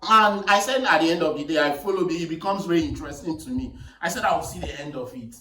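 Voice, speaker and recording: A man with a Nigerian accent telling a story in casual podcast talk, animated and insistent when cut off. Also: fairly high pitch, quick pace. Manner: animated, insistent, talks over interruptions. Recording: echoey room, distant mic, faint noise.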